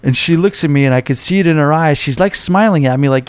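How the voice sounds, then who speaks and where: A man's voice: on the high side, quick pace, hardly any pauses, smooth, dry recording. A man in his forties with a New York accent, hosting a podcast and rambling through a casual story with many restarts. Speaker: podcast host.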